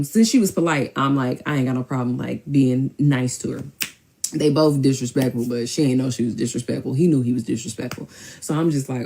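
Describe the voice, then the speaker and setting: Low-voiced woman telling a story. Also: brisk, gravelly. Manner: rambling, animated, switches into quoted voices. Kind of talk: casual storytime.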